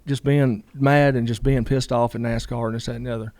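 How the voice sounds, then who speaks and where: A man's voice: medium pitch, fairly even intonation, fairly quick, a little mellow. A man, a guest telling a long story in a casual interview, rambling with lots of "you know" asides.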